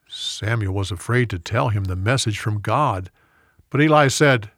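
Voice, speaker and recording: A man reading a Bible story aloud in a clear, expressive storybook manner. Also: mid-range voice, measured pace, dry recording, studio quality.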